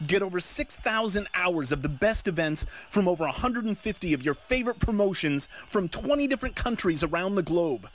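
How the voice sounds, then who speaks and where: A man's voice: high-pitched, animated, fairly quick, few pauses. Punchy male ad announcer. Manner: punchy, salesy delivery. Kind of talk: scripted ad read.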